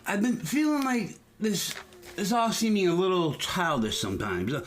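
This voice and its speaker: An older man co-hosting a podcast, telling crude stories in a deadpan, casual way. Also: sits high, normal speed, a little hiss or hum. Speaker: podcast co-host. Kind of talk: casual banter.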